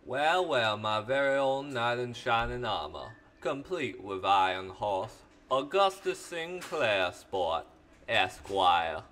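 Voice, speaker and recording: A man doing an impression of a flamboyant Southern gentleman schemer with a put-on Southern American accent. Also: mid-range voice, lively intonation, takes it slowly, a little hiss or hum. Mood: flattering. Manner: grandiose, theatrical drawl.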